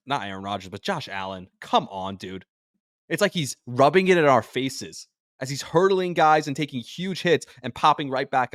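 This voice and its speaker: A man who hosts a sports podcast and works as a sports radio personality speaks in a voice on the high side. He sounds drained, rambling emotionally and jumping between thoughts, captured in clean studio sound with no echo.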